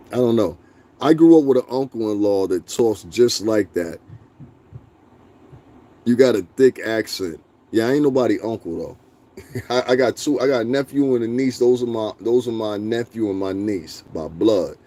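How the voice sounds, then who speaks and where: A man's voice: medium pitch, a little slow, pauses often, mellow. A young man hosting a casual live stream, talking bluntly and profanely, laughing often and answering his chat. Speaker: livestream host.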